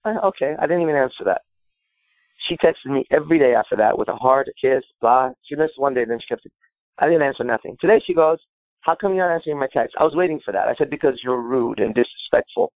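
A man's voice: medium pitch, quick pace, no echo, lo-fi sound. A man answering a listener question in brash, profane casual talk, boastful and rambling with filler words.

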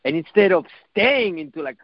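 A man with a high voice gives a reflective motivational talk, coaching his listeners. He repeats phrases and swears now and then. The recording is dry and a little dull. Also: animated, normal speed, no room sound. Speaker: self-help speaker.

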